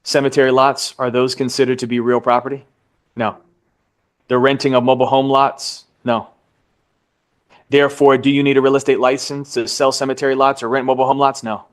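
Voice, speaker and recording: A man's voice: medium pitch, flat delivery. Man teaching a real estate class. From United States. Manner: drawn-out emphasis on key terms, asks the class questions. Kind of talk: live class lecture.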